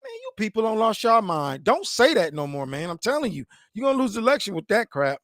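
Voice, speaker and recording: A man's voice: sits high, wildly swooping pitch, quick pace, a bit bright. A man hosting his own online show, reacting with passion to a clip and talking straight to the viewer in casual slang. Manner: impassioned, repeats himself, talks back to a video. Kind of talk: casual commentary monologue.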